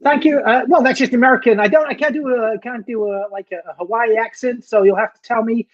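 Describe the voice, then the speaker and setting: A man's voice: very high voice, fairly even intonation, fast talker, no echo, muffled recording. A man co-hosting a football fan live stream, chatting casually and joking around, throwing in slang. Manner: chatty, jokey, drops in slang.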